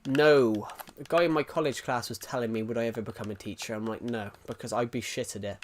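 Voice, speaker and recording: A man's voice: mid-range voice, fairly even intonation, quick pace, slight background noise. A young English man chatting loosely on a live stream. He reads chat messages aloud and answers them in a rambling, casual way with offhand swearing. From England. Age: young adult.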